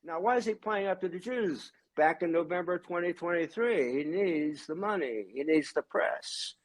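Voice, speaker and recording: A man in his seventies, a religious brother and guest, talking in an emphatic, ranting way. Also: moderate pace. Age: 70s. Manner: emphatic, ranting, swinging pitch and loudness. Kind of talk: heated conversational monologue.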